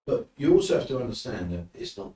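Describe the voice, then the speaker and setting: A man's voice: mid-range voice, quick pace, distant mic. A man from the UK with a British accent, telling anecdotes as a podcast guest and acting out quotes. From United Kingdom. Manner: animated anecdotes with acted quotes. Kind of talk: casual storytelling. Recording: roomy, from off mic, faint noise.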